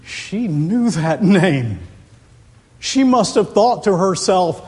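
Male preacher, higher-pitched, measured and deliberate delivery with impassioned peaks, large church with long reverb. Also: a little mellow. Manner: slow, deliberate, rising to impassioned emphasis. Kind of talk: expository sermon.

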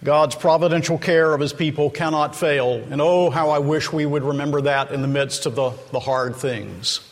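A man preaching a sermon, retelling the story slowly and dramatically and acting out the quoted lines. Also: on the high side, fairly even intonation. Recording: long hall reverb.

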